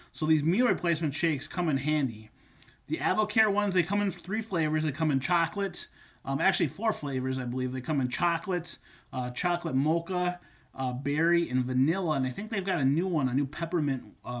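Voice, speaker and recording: A man coaching viewers on supplements and nutrition, talking casually and repeating his points with fillers. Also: fairly high pitch. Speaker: fitness coach. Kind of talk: instructional talk on supplements.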